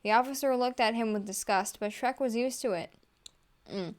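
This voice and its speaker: A woman reading fan fiction aloud for laughs, giggling and tossing in deadpan asides. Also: fairly high pitch, moderate pace. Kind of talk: comedic read-aloud storytelling.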